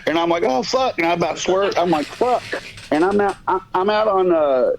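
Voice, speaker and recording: A man's voice: high voice, quick pace, slight background noise. A man hosting a podcast, telling a long story in a casual, profane, rambling way that stops and restarts. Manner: rambling, profane, self-interrupting. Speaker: podcast host. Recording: dull lo-fi audio.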